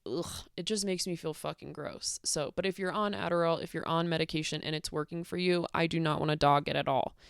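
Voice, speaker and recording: A woman records a candid personal vlog rant with a lowish, smooth, resonant voice. She rambles and swears freely, peppering her talk with "like". The sound is close and dry. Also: no echo. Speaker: vlogger.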